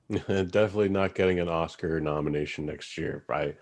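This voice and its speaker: A young adult man hosting a podcast, chatting casually about movies in a rambling, animated way with casual swearing. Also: very deep voice, normal speed. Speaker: podcast host. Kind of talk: casual movie-review chat.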